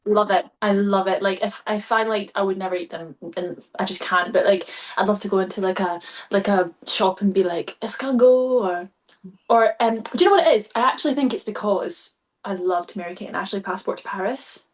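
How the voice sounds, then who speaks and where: A Scottish woman who performs on stage is a guest on a podcast, chatting casually in a mid-range voice at a fairly quick pace. She gushes with enthusiasm and fills her talk with plenty of fillers.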